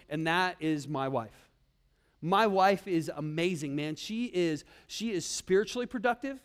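High-voiced man preaching with emphatic repetition. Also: moderate pace, clear, resonant tone. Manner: emphatic preaching with repeated phrases and swings from loud to quiet. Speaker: pastor. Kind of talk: sermon.

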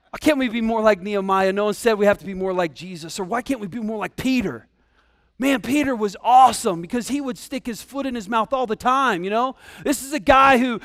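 High-voiced, animated male pastor preaching. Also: dry recording, clean studio sound. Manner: animated, conversational preaching with rhetorical questions. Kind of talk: sermon. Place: church sanctuary.

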